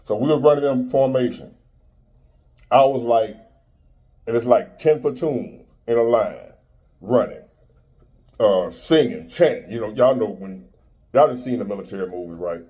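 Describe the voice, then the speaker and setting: Blunt preachy man with a mellow voice. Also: mid-range voice, moderate pace, pauses often. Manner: blunt, preachy, street-talking. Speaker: motivational speaker. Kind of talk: motivational monologue.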